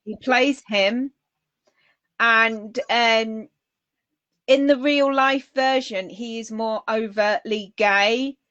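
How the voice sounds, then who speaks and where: A woman's voice: fairly high pitch, fairly even intonation, extremely slow, a bit bright, dry recording, muffled recording. A woman with a Northern English accent co-hosting a casual chat, enthusiastic and eager to recommend things. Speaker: podcast co-host.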